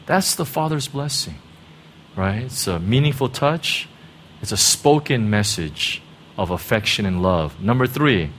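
A man's voice: medium pitch, a bit bright, a little hiss or hum. A middle-aged man preaching a sermon in a conversational way, often checking in with "right?" and "you know". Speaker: pastor.

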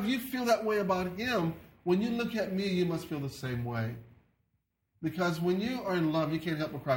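Man, preacher, sermon, earnest and halting, fairly high pitch, roomy echo. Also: a little hiss or hum. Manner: earnest, halting, with many repeated words. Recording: echoey room.

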